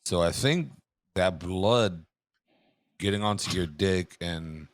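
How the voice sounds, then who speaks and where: Very deep-voiced podcast man. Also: slow pace, no room sound. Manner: blunt and crude, then self-correcting. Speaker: podcast co-host. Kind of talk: casual chat.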